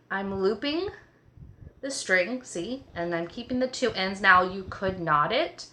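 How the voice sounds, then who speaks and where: Bright-voiced woman teaching a craft. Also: mid-range voice. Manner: gentle, step-by-step, reassuring. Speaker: art teacher. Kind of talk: craft tutorial.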